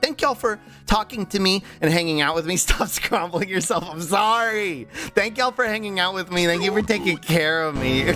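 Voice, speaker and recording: A man with a slightly bright voice on the high side chats casually with his stream viewers and reads their messages aloud. He rambles with lots of ums, uhs, and restarts, laughs easily, and his voice sounds tired and strained.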